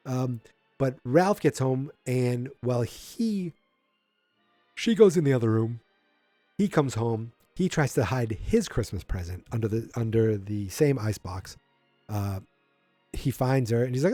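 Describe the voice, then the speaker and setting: A man with a mellow, relaxed tone rambles through a podcast recap, piling on fillers and slipping into quick voices for the characters. He is recorded dry and close on the mic. Faint music sits low behind him. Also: no echo. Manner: rambling, chatty retelling with fillers and acted-out quotes. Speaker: podcast host. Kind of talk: casual episode recap. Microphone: podcast microphone.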